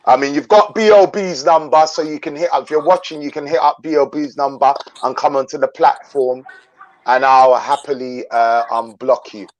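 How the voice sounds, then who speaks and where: A man's voice: medium pitch, fairly even intonation, normal speed, highs cut off. A man, hosting his own channel and delivering an angry, blunt, profane rant that repeats its points. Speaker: channel host.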